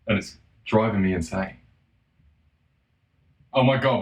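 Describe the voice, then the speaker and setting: Sweary man ranting in a roomy space. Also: lowish voice. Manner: profane, sarcastic, bursts into mocking shouts. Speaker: solo commentator. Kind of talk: casual ranting monologue. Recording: roomy echo.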